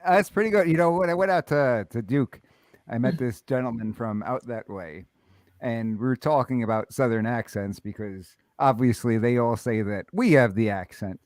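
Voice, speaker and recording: A man's voice: mid-range voice, moderate pace, darkish tone, no room sound, clean studio sound. A man hosting a radio show, chatting casually and laughing easily. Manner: laughing, easygoing. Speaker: radio host. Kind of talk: casual chat.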